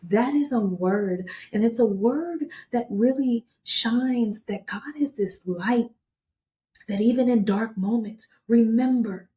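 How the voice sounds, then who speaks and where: A woman's voice: a little high, takes it slowly, warm tone. A woman hosting a faith radio show, encouraging her guest in a fervent, preacherly way before reading from a devotional. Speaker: radio ministry host. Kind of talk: encouraging ministry talk.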